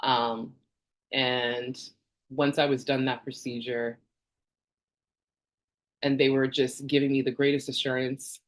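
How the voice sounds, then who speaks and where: A woman's voice: very deep voice, flat delivery, slow pace, long pauses. Candid woman in her 40s from canada, chatty vlog talk, rambles and laughs a lot. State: tearful at times. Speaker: vlogger. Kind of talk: personal health vlog.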